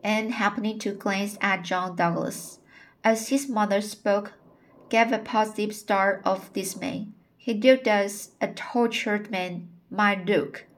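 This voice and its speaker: Slow, careful woman reading aloud. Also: medium pitch. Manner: careful, hesitant, searching for words. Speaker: audiobook reader. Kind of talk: slow read-aloud with personal commentary.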